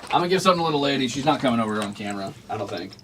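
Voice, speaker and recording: A man's voice: mid-range voice, expressive, rapid-fire, very noisy. A young man streaming, talking to and scolding his cats in a playful, teasing way. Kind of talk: casual chat with pets on stream. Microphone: desk mic.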